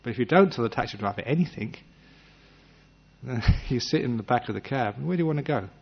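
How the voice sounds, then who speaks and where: A man giving a gentle, humorous meditation talk, acting out little scenes as he teaches. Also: medium pitch, expressive, brisk, gravelly, slightly rough. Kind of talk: dharma talk. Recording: dull lo-fi recording.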